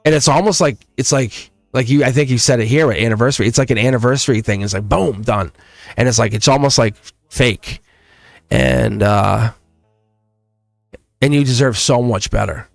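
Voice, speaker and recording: A man hosting a live tarot reading, talking in a chatty, excited way, laughing often and acting out voices as he reads the cards. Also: medium pitch, normal speed, gravelly, no echo, faint music behind.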